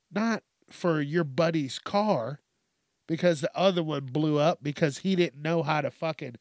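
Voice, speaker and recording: A man's voice: on the high side, dry recording, clean studio sound. A man hosting a comedic news commentary, ranting with lots of swearing and frequent laughter. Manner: profane, ranting, laughs often. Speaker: host.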